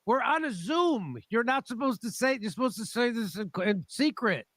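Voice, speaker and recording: Man doing a high shrill voice, sneering, sing-song, mocking scold, dry sound. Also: expressive, normal speed, a bit bright, no room sound, exaggerated voice. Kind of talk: mocking impression in casual commentary.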